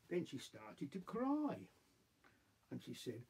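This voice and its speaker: Slow, husky Yorkshire storyteller. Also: male voice, fairly high pitch, huge pitch swings, a little mellow. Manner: broad dialect storytelling, puts on voices for the figures. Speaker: monologue reciter. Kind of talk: comic recited monologue.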